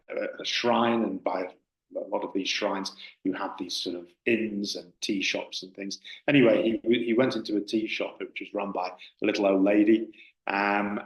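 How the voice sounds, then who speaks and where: A man teaching as a Buddhist teacher in a dharma talk, hesitant and full of fillers and restarts. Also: lowish voice. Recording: roomy hall echo.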